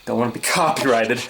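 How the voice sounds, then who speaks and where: A young male vlogger rants sarcastically at his new camera in a comedic outburst, picked up by the camera's built-in mic with a bit of hiss or hum. His mid-range voice carries vocal fry, and he's animated, mocking others in silly voices.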